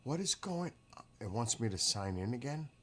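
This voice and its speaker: A man's voice: medium pitch, big pitch swings, moderate pace. A man chatting casually on a live stream, rambling, swearing freely and bursting into laughs. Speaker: livestreamer.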